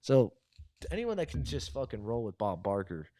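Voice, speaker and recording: Brief: male guest, mid pitch, dry sound, rambling and profane. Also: sing-song, moderate pace, warm tone, no echo. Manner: rambling, restarts, heavy swearing. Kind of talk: casual live-stream chat.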